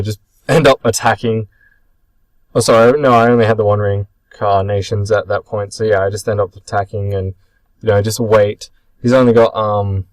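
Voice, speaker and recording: A young man with a fairly low voice talks through footage of his card game match in a loose, chatty way. He rambles, says um a lot and stops to correct himself. The sound is dry and close, with hardly any room around it. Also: no echo, low-quality recording. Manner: chatty, rambling, self-correcting with many ums. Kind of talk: casual commentary over match footage.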